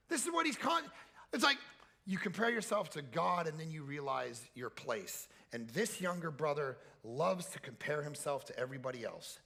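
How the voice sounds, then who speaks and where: A man preaching a lively camp sermon, telling stories and swinging from quiet asides to loud, high-pitched peaks. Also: normal speed, gravelly. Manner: animated storytelling with shouted high peaks. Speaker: pastor. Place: camp meeting hall.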